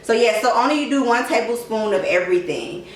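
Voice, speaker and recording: Chatty young woman talking viewers through a home recipe, filler-heavy and relaxed, heard from across an echoey kitchen with background noise. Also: a little high, brisk, recorded from a distance. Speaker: cooking vlogger. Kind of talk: casual cooking tutorial.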